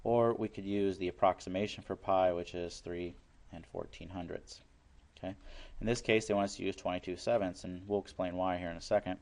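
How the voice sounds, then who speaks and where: A man's voice: sits low, fairly even intonation, fairly quick, creaky, darkish tone. A man teaching a recorded math lesson, explaining each step plainly and working problems aloud.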